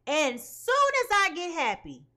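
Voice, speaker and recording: A woman's voice: sits high, big pitch swings, unhurried, sharp tone. A woman reading tarot for her viewers in an emphatic way, often checking in with "okay?". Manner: emphatic, keeps asking "okay?". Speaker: tarot reader.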